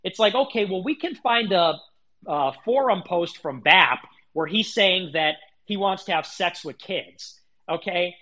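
Male streamer, fairly high-pitched, heated solo rant, swears a lot, stumbles and restarts. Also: lively intonation, unhurried, sharp tone. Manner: indignant, profane, repeats himself. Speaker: livestream host. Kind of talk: heated ranting monologue.

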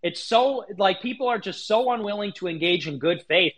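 A man's voice: sits high, lively intonation, moderate pace, a bit bright. A man hosting a livestream, delivering a heated, indignant monologue full of swearing and restarts. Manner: indignant, profane, repeats himself. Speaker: livestream host.

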